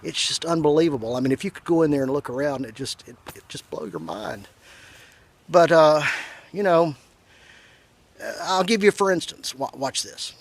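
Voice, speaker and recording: Slow-drawling Southern man, fairly high voice. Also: no echo. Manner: slow drawling deadpan storytelling. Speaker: comedian. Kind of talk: folksy comic monologue.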